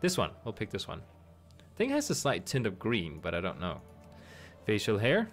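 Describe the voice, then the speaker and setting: A man's voice: fairly low pitch, wildly swooping pitch, moderate pace, soft background music. A man streaming a game, chatting casually and thinking aloud with amused asides. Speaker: gaming streamer.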